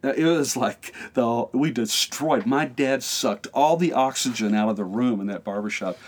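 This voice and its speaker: A middle-aged American pastor telling a lively story in a podcast interview, acting out the voices in it and often laughing. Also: male voice, medium pitch, moderate pace, husky.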